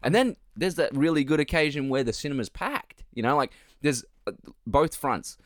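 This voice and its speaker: Laid-back sweary guy, lively pitch. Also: normal speed, dry recording, clean studio sound. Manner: laid-back, sweary, laughs often, lots of "like" and "yeah". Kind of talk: casual chat.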